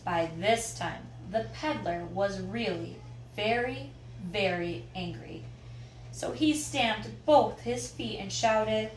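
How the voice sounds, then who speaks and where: A woman reading picture books aloud to children, expressive and asking listeners questions. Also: medium pitch, slow pace. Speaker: children's story reader. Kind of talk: picture book read-aloud. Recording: roomy echo, faint background noise.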